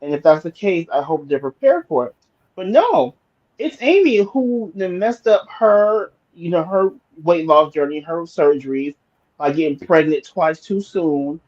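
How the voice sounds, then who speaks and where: A man's voice: high-pitched, a little mellow, lo-fi sound. A man co-hosting a recap show, giving blunt, opinionated rants about the episode in casual talk. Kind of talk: casual livestream commentary.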